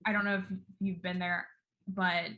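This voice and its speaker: A woman's voice: fairly low pitch, little pitch movement, normal speed, pushed and bright, highs cut off. A woman with an American accent hosting a casual video call interview, chatty and full of "like". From United States. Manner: chatty, lots of "like". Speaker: interview host.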